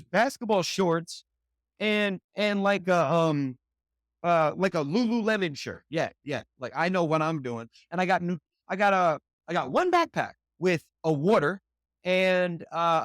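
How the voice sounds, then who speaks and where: Man, from new york city, slangy storyteller, acts out his own lines, slightly high voice, dry close sound. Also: a bit bright, no room sound. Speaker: podcast guest. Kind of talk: animated personal storytelling.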